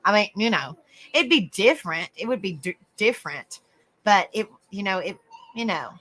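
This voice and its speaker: Chatty bright-voiced woman. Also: medium pitch, normal speed, low-quality recording. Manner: chatty, rambling, animated storytelling. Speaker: livestream host. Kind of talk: casual live-chat storytelling.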